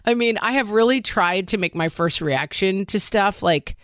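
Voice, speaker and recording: A middle-aged woman co-hosts a parenting podcast, her mid-range voice a bit bright and her pace moderate. Candid and a little self-deprecating, she thinks aloud in casual chat, saying "like" a lot. The studio-quality audio has no room sound.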